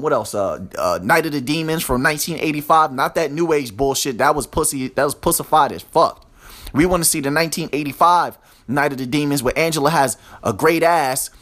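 A man with a slightly high voice hosts a solo podcast, tearing into things with crude profanity and sarcasm. He talks straight at his listeners, mocking and rough. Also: fairly bright tone. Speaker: podcast host.

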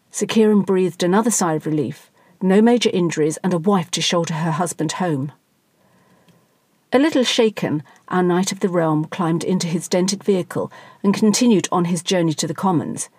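A woman reading a satirical story aloud in a wry, dry, measured way. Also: on the low side, darkish tone, slightly rough, no echo. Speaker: narrator.

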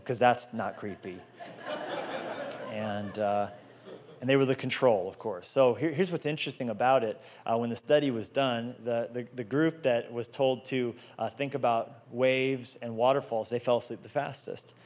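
A young adult man preaching a sermon in a conversational way, repeating words and rising to excited emphasis. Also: mid-range voice. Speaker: pastor.

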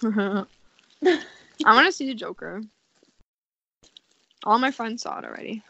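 A woman co-hosting a casual chat, sassy and playful, filling her talk with "like". Her voice has a gravelly fry to it. The recording is dry and a little dull, like a lo-fi home mic. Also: on the high side, expressive, a little slow, sharp tone, dry recording. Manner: sassy, playful, says "like" often. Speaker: podcast co-host. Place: lying on her bed at home.

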